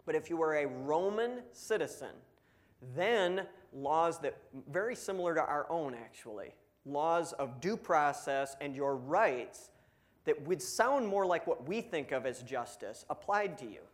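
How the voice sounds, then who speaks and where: Lively young man preaching a sermon. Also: on the high side, unhurried. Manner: animated storytelling, acts out quotes. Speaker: pastor.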